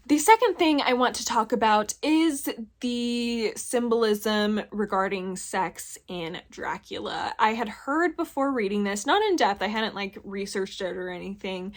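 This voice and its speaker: A young woman reviewing a book in a casual, rambling chat, frank and full of filler words. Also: mid-range voice.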